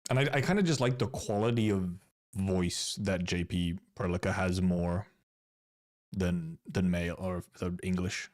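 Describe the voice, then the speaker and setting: A man's voice: deep voice, unhurried, darkish tone. A Finnish streamer chatting casually as he reviews game content, rambling and restarting his words. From Finland. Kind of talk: casual live-stream commentary.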